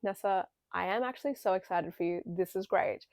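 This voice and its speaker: A woman's voice: medium pitch, brisk, a little mellow, no room sound, studio quality, close to an everyday voice. A woman voicing an earnest young man in a casual film retelling, with no real change from her own voice.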